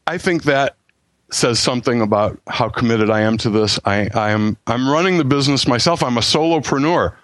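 Podcast guest, male, mid-pitch, eager, restarts a lot, very dry close recording. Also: fairly bright tone, no echo. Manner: stammering restarts, enthusiastic self-promotion. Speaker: guest author. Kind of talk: casual podcast chat.

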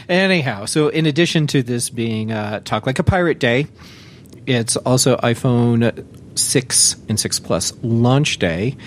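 A man's voice: medium pitch, expressive, a little slow. Jokey man hosting a tech podcast. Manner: jokey, self-deprecating. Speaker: podcast host. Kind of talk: casual tech podcast chat.

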